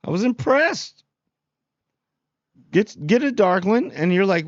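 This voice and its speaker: A man giving a casual, rambling spoiler review of a TV episode, full of slang and quick acted-out lines for the characters. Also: high-pitched, very animated, no echo, lo-fi sound.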